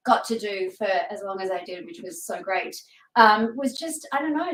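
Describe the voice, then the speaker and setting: A woman from Australia speaks earnestly about her work on a fan panel. Her voice sits a little high and sounds distant in an echoey room. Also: fairly bright tone. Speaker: voice actor on a panel. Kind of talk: casual panel chat.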